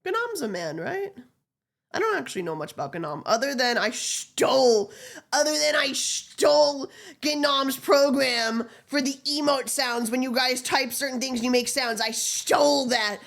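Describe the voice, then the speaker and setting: A woman's voice: high-pitched, animated, unhurried, fairly bright tone. Congested, giggly streamer woman. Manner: giggly, swearing, rambling. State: stuffy, congested nose. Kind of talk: casual live-stream chat.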